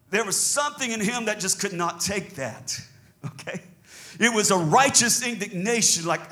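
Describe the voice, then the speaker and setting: High bright Southern preacher. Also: male voice. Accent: Southern American. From Southern United States. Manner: animated preaching, chuckles between points. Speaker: pastor. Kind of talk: sermon.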